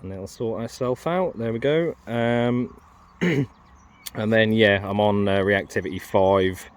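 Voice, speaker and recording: Slow and fairly low-pitched, a man rambles casually while he gets a metal detector ready and uses it in an open farm field. He hesitates often, with plenty of ums and restarts, against background noise.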